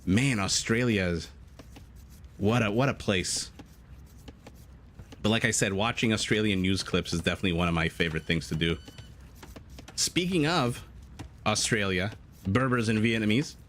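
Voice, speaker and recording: Guy casting a strategy game live, kinda low voice, rambly and laughs a lot. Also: a bit bright, slight background noise. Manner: chatty, rambles into tangents, laughs often. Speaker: game caster. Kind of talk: live esports commentary.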